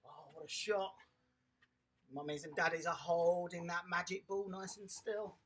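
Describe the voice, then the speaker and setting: A children's tennis coach, giving a lively, encouraging home lesson and praising the young players outdoors in a garden. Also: medium pitch, measured pace, background noise.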